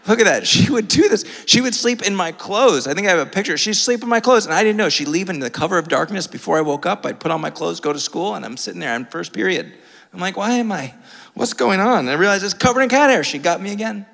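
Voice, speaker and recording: A man preaches in a church sanctuary, his slightly high voice carrying a gravelly edge. He tells his story with animated, self-mocking humor, and the long reverb of the hall trails each phrase. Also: quick pace. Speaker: pastor.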